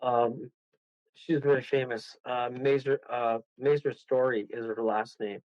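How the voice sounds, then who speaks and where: A man telling a story as a guest on a radio show. He rambles excitedly, laughs often and keeps restarting his sentences. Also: medium pitch, unhurried, dry recording. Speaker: guest medium. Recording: dull, dry lo-fi sound.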